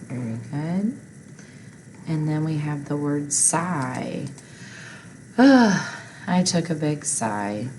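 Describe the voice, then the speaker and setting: A woman's voice: low-pitched, expressive, slow pace, a little mellow, slight background noise, rough recording. A woman teaching a phonics lesson, patiently reading word lists and spelling words out, asking listeners to repeat after her.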